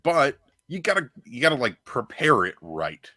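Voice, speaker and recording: A man co-hosting a casual sports podcast, bantering in a relaxed, opinionated way. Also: medium pitch, moderate pace, no echo. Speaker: podcast co-host.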